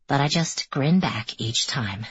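Husky low-voiced woman narrating. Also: expressive, a little slow, dry recording, muffled recording. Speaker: audiobook narrator. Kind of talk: first-person scripted narration.

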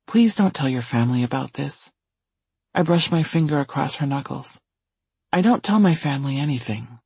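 A man reading a first-person story aloud in a steady audiobook narration. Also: medium pitch, breathy edge, no echo.

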